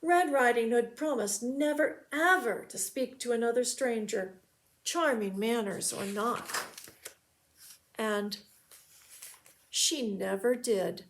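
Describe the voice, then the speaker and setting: A woman, a children's librarian, reading a storybook aloud slowly and expressively. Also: a little high. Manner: slow and expressive.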